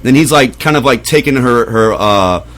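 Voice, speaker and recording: A man's voice: medium pitch, lively intonation, moderate pace, a bit bright. A man co-hosting a podcast, recapping a film in casual chat, rambling and swearing with lots of fillers. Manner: rambling, profane storytelling with many fillers. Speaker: podcast co-host.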